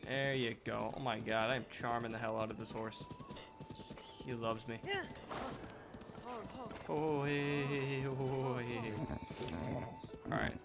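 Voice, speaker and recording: A man giving casual gameplay commentary, excitable, swearing playfully and talking to the game. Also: mid-range voice, unhurried, pauses often, over music. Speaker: let's play gamer.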